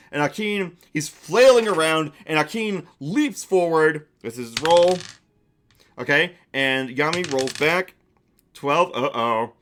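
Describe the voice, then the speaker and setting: A man's voice: on the high side, a bit bright. Chatty young man running a game. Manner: chatty, quick asides, laughs at own jokes. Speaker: game master and streamer. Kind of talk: live-streamed tabletop game narration.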